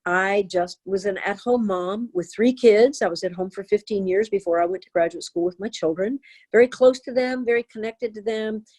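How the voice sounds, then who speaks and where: Older female therapist, interview guest, earnest storyteller, mid-pitched. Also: moderate pace, breathy edge. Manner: earnest, animated storytelling with acted quotes. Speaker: therapist and author.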